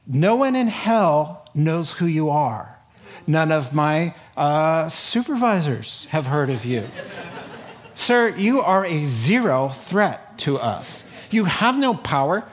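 A man's voice: a little high, sing-song, slow pace. A man voicing a mocking male demon who taunts and boasts. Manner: sneering, boastful threats.

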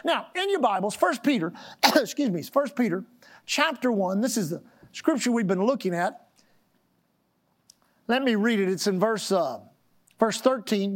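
A woman preaching a sermon, reading scripture slowly and with emphasis and calling on the congregation to repeat phrases after her. She clears her throat and coughs now and then. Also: mid-range voice, lively intonation.

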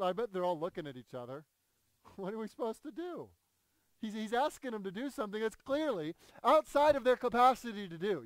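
A male pastor preaching a conversational sermon, animated and quick to repeat himself when stirred up. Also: high-pitched, no room sound.

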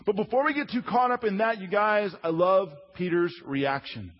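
A man preaching a sermon as a lively storyteller who acts out the quotes he tells. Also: sits high, normal speed. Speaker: preacher teaching a Bible lesson. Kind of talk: sermon, drawing while teaching. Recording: dull lo-fi sound.

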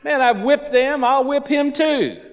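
A man's voice: sits high, moderate pace, close to an everyday voice. A man voicing young David as a bold, cocky shepherd, paraphrasing him in folksy slang. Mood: confident. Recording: long hall reverb.

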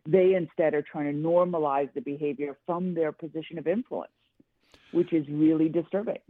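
A woman's voice: deep voice, steady tone, moderate pace, no echo. A middle-aged woman, a guest columnist, telling her story earnestly and emphatically in a radio interview. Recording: tinny dry phone line.

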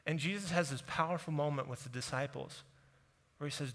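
A man preaching a sermon, telling the story with lively, casual voices for the people in it. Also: fairly high pitch, brisk. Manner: animated storytelling, acting out quotes in casual voices. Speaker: pastor. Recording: long hall reverb.

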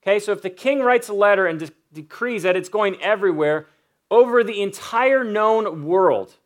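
Earnest preacher, man with slightly high voice. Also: lively intonation, moderate pace. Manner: earnest, builds to emphatic peaks, frequent "uh" fillers; voices imagined inner thoughts of a biblical figure. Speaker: pastor. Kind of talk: sermon.

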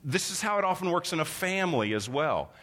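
A man's voice: on the high side, very animated, brisk, fairly bright tone. A man preaching a sermon, earnest and explanatory, often repeating words as he teaches. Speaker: pastor. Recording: long reverb of a large hall.

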